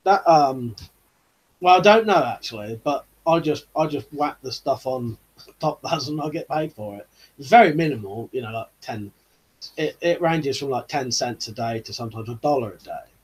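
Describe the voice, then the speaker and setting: A man's voice: mid-range voice, animated, moderate pace, breathy edge, rough recording. A man hosting a casual live-stream chat, rambling easygoing with lots of 'you know' fillers. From United Kingdom. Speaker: YouTube channel host.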